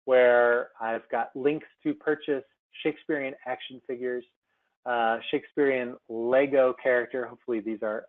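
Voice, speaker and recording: A man presenting a software seminar by screen share, talking through it casually with many ums and restarts. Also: medium pitch. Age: adult. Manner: chatty, many fillers and restarts. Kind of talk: screen-share webinar demo. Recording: tinny phone-like webinar audio.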